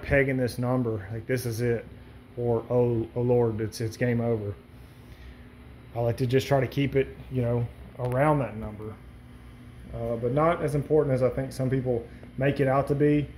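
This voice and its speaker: A man with a warm, darker tone talks through his reef tank routine in an easygoing, rambling vlog style, full of "uh" and "you know." He has the hiccups, and his voice sits at a middling pitch. A faint background hum runs under the recording. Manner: rambling, relaxed, lots of fillers. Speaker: reef aquarium vlogger. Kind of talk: casual explainer vlog.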